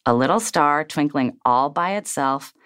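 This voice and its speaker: A woman reading a children's story aloud in a gentle, soothing way. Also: low voice, expressive, measured pace, clear, resonant tone.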